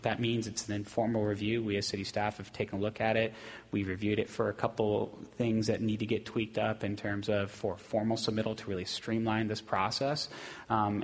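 Low-ish guy city staffer droning thru a council update, lots of ums, echoey hall. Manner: steady, self-described monotone, many ums. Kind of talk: public meeting report. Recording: long hall reverb in council chamber.

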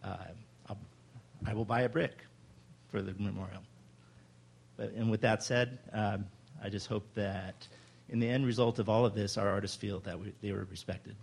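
A man's voice: on the low side, fairly even intonation, moderate pace, gravelly, husky. A man giving a hesitant public comment at a city council meeting.

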